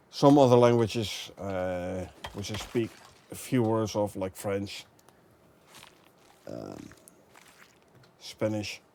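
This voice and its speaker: A relaxed young man with a Dutch accent, his first language Dutch, chatting casually with his viewers as he streams a game and reads out their questions. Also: on the low side, dry recording. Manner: relaxed, chatty, chuckles often, drifts between languages. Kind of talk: casual gameplay commentary, reading chat.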